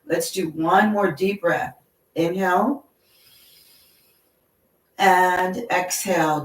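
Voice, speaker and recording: Woman, yoga instructor, gentle encouraging guidance, low voice, distant echoey room. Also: fairly even intonation. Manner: slow, gentle and encouraging, with frequent "okay?". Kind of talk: guided yoga class instruction. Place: yoga studio.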